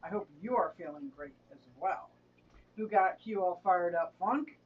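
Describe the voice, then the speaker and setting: A woman's voice: lowish voice, normal speed. Chatty woman live-streamer, distant dull mic. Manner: chatty, greets viewers by name, laughs often. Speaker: live-stream host of an aquarium channel. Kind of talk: casual live-stream chat.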